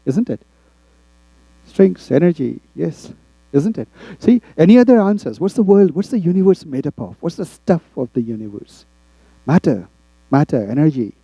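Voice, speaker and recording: Man lecturing a class, lively pitch. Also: normal speed, vocal fry, slightly rough, no room sound, highs cut off. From India. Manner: rhetorical tag questions, addresses the class. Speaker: instructor.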